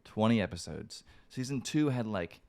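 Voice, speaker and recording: A man's voice: lowish voice, animated, normal speed, darkish tone. A man hosting a casual podcast, talking in a loose, rambling, unsure way. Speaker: podcast host.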